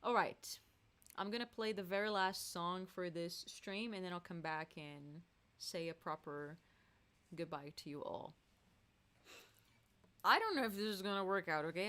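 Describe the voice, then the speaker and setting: A woman's voice: fairly low pitch, unhurried, pauses often, pushed and bright, a little hiss or hum. Chatty woman streamer laughing between songs. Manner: laughs often, loose and chatty. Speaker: musician hosting a live stream. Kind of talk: casual chat between songs.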